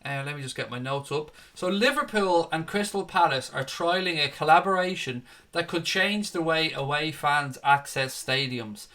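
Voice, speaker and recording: Bright-voiced matey football fan host. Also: male voice, fairly high pitch, moderate pace, hardly any pauses. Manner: matey, calls viewers mate and buddy. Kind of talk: live stream chat reading viewer comments.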